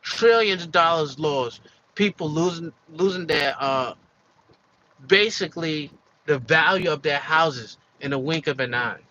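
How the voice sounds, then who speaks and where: A man's voice: a little high, unhurried, sharp tone, dull audio, slight background noise. A man giving an emphatic opinion monologue for his video channel, repeating his points with many fillers and restarts. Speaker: commentary vlogger.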